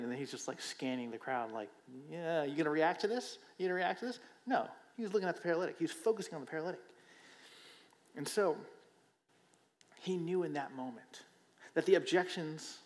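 A man with a medium-pitched, slightly mellow voice preaches a conversational sermon, frequently checking in with listeners through rhetorical questions and repeating phrases for emphasis. The recording carries a long hall reverb.

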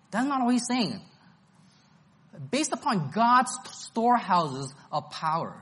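Animated man preaching a Bible study. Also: very high-pitched, slow pace. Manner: emphatic, repeats key phrases, enthusiastic. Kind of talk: expository Bible-study sermon.

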